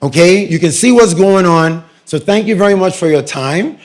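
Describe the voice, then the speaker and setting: A man giving a lively, joking presentation to an audience at a community meeting. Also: high voice, moderate pace. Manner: animated, joking, addresses crowd directly.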